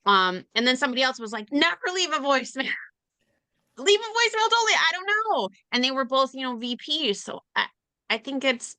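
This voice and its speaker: A woman with a bright, forceful voice talks shop on a sales webinar in a chatty, animated way. She slips into little quoted voices as she explains her points. The sound is dry and close. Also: mid-range voice, clean tone, dry recording. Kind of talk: casual webinar talk.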